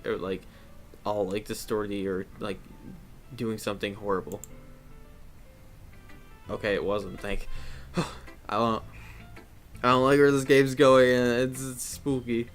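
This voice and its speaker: A man's voice: on the low side, flat delivery, normal speed, pauses often, faint music behind. A man hosting a let's play, commenting on the game in a rambling, uneasy way. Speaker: gameplay host.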